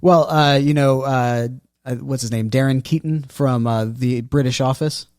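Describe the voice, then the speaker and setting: A man's voice: medium pitch, steady tone, unhurried, a little mellow, no echo, clean studio sound. A man co-hosting a podcast in casual chat, joking and opinionated, often trailing off mid-sentence. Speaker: podcast co-host.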